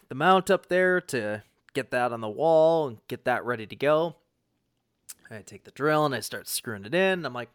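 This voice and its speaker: Animated storytelling man, lively pitch. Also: clear, resonant tone, no room sound. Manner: animated, swears freely, lots of fillers and restarts. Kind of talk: casual anecdote.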